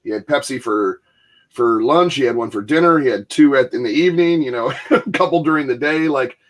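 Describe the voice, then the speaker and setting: A man's voice: mid-range voice, a little fast. Laughing man in casual chat. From Michigan, US. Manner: rambling, laughing, acts out quoted voices. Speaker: podcast host.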